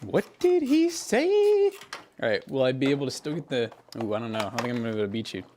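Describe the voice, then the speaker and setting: A man's voice: medium pitch, very fast, a little hiss or hum. A young man hosting a livestream, chatting casually with viewers and a co-host while building a computer. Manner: relaxed, rambling, answers chat while working.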